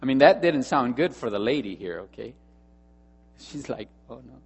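A male pastor preaching a sermon, telling a story and moving between hushed asides and emphatic repeated phrases. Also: mid-range voice, lively intonation, normal speed, breathy edge, long reverb tail, faint music behind.

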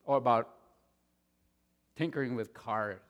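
A man preaching a sermon as pastor, stressing points loudly and then dropping to quiet asides. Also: medium pitch, measured pace. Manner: emphatic, swings between loud stresses and quiet asides. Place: church sanctuary. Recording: long reverb of a large hall.

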